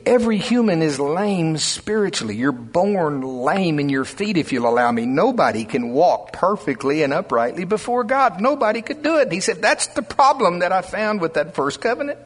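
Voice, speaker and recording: Older male pastor, folksy and animated, husky voice, long reverb of a large hall. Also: sits high. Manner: folksy, animated storytelling preacher. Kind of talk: sermon.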